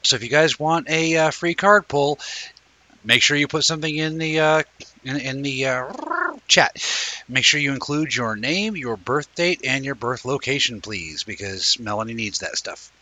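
A man's voice: medium pitch, normal speed, sharp tone. A man co-hosting a late-night livestream, chatting loosely and joking with plenty of cursing. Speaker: co-host. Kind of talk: casual livestream chat.

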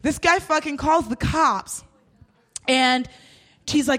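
A woman co-hosts a live comedy show and tells a story with a lot of energy, jumping in and out of voices for each person in it. Her voice sits fairly high, and she swears casually as she goes. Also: slow pace. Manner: animated, acts out quoted people, swears casually. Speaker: co-host and stand-up comedian.

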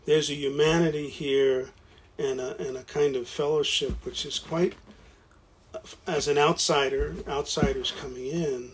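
A man's voice: on the high side, steady tone, a little slow, slight background noise. A man talking casually about founding a college, stopping and restarting often, repeating words as he goes. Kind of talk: casual conversation.

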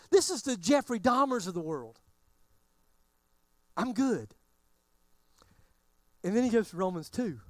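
A man's voice: high voice, darkish tone, dry recording. A man preaching a sermon in a casual, conversational way, often acting out what his listeners might be thinking. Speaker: pastor.

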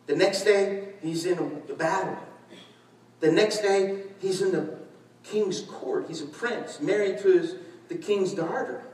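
A man preaching a sermon, telling stories animatedly, shouting and laughing as he acts out conversations. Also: sits high, unhurried. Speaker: pastor. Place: large church hall. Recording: echoey church hall, distant mic.

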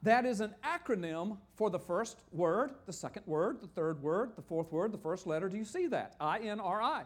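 An older man preaching a sermon, animated and joking, often asking the audience questions. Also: high voice, moderate pace. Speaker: pastor. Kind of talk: sermon teaching with slides.

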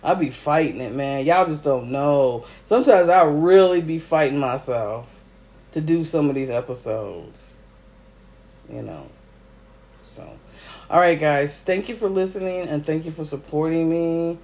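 A man's voice: fairly high pitch, measured pace, darkish tone. A man hosting a casual solo podcast, teary, emotional and effusive, with frequent ums. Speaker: podcast host.

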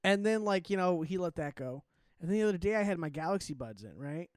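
A young man co-hosting a podcast, telling stories in a casual, animated way and acting out the people he quotes. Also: sits high, fast, smooth, no room sound, clean studio sound. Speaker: podcast co-host. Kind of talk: casual chat.

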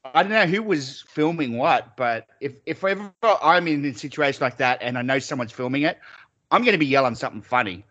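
A man's voice: medium pitch, a little fast, lo-fi sound. A man co-hosting a podcast, telling stories in crude, casual banter and swearing freely. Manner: swears a lot, animated storytelling with mock shouts. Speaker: podcast co-host.

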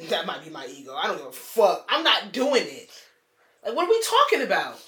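A woman's voice: fairly low pitch, very animated, a bit bright, echoey room. Blunt, profane woman chatting on a podcast. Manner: blunt, profane, emphatic, drawn-out phrasing. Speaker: podcast co-host. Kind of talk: casual podcast chat.

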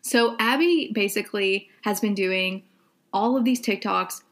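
A woman's voice: mid-range voice, unhurried. A young adult woman co-hosting a podcast, chatting casually with many "like" and "um" fillers. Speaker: podcast co-host.

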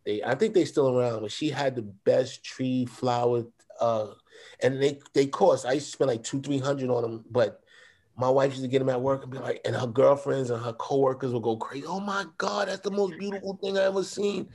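A middle-aged man, a guest on an interview show, telling a personal story in a relaxed, slangy way. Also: mid-range voice, moderate pace. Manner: laid-back, slangy, animated when quoting others. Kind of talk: casual storytelling.

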